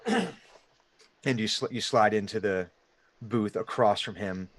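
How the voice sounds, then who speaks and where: A man's voice: fairly low pitch, slow pace, no room sound. A man running a tabletop game as game master, narrating in a loose, rambling way with many fillers.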